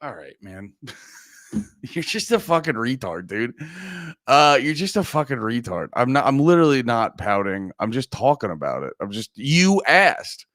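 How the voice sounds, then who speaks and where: A man's voice: mid-range voice, big pitch swings, moderate pace, fairly bright tone, no echo. Male podcast host, groggy, rambling and profane, reads chat aloud, dry close sound. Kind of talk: casual livestream chat.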